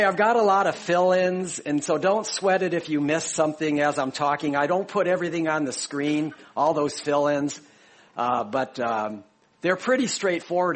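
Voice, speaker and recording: A pastor from Chicago preaching a sermon, explaining a passage to his congregation in a conversational way. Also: fairly high pitch.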